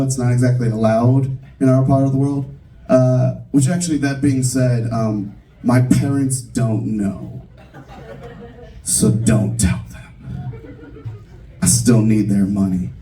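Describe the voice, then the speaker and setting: Laid-back man doing stand-up, mellow, distant. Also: medium pitch. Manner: casual, self-mocking, chatty with fillers. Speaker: stand-up comedian. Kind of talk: stand-up comedy set. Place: comedy club stage. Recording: distant room recording of a live set.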